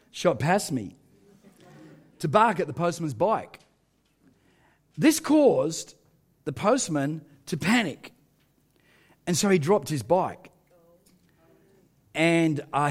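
A man's voice: a little high, very animated, slow, pauses often, slightly rough. A male pastor, telling a story in a sermon with self-mocking humour and frequent laughter.

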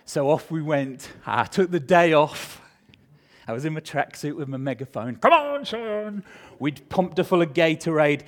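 A middle-aged male pastor preaching a sermon, telling a personal story with animated emotion, swinging between loud and hushed. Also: fairly high pitch, normal speed.

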